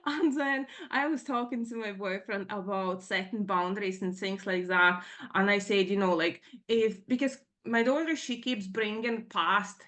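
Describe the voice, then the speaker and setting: A middle-aged woman giving a personal account in a Q&A session, talking in a halting, rambling way full of fillers and nervous emotion. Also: on the high side, expressive, fairly bright tone. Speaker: participant in a Q&A session.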